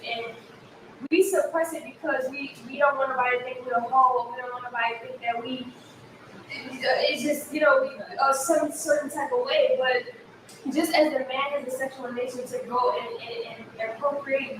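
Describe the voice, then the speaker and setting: Woman, high voice, hesitant, filler-heavy co-host, audible noise behind her. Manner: hesitant, restarting, with many fillers. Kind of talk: casual chat. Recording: echoey room, mic far off, noise.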